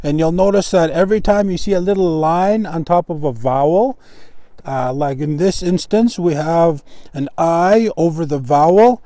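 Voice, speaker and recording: A man teaching pronunciation of Cree words, slow and patient, repeating each word syllable by syllable. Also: a little high, dark tone, dry recording. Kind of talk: language lesson.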